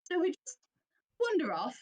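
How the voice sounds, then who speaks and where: A woman from England co-hosting a podcast, telling an animated story with plenty of laughter and quoted voices. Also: very high voice, moderate pace. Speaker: podcast co-host. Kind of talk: casual chat, storytelling.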